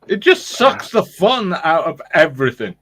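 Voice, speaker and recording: A man's voice: fairly high pitch, sing-song, normal speed, a bit bright. A Welsh man from Wales, chatting as a guest in a blunt, laid-back, profane way. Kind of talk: casual chat.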